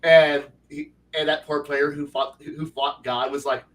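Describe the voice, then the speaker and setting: A man's voice: fairly high pitch, fairly even intonation, a little slow, a bit bright, recorded from a distance. A man, a game master and co-host, telling a tabletop game story in casual, rambling chat with lots of fillers and restarts. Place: home livestream setup.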